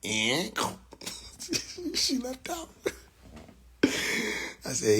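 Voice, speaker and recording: A man tells a story casually on a live stream, with frequent laughter, sound effects and swearing. His voice sits a little high and has a husky edge. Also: measured pace, long pauses. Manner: animated, laughs often, profane, sound effects.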